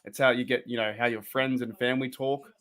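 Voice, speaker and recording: A man's voice: mid-range voice, steady tone, a little fast, a bit bright. Chatty Australian man on a livestream. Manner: chatty, reacts to plays and reads chat aloud. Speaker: live stream host. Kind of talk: casual live-stream game commentary.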